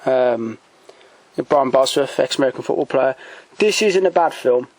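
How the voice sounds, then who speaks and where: A man's voice: medium pitch, animated, moderate pace, a little mellow, dry recording, low-quality recording. Man rambling about his film shelf. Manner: hesitant, many ums and restarts, enthusiastic recommendations. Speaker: collector showing DVDs. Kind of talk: casual off-the-cuff commentary. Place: home room by a shelf.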